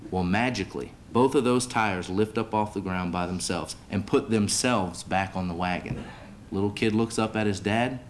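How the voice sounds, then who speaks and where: A lower-voiced man emcees an awards banquet from the podium. He talks in a folksy, animated way and leans into a joke with relish. A faint hum of the banquet hall sits behind him. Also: moderate pace. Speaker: host and emcee.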